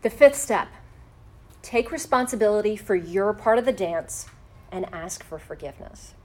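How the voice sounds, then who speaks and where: A woman talks through a faith-based lesson in measured steps. She slows down for the phrases she wants to land. Her pitch sits in a middle range for a woman. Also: animated, darkish tone. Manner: measured and step-by-step, slowing for key phrases. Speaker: teacher on forgiveness. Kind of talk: faith-based instructional talk.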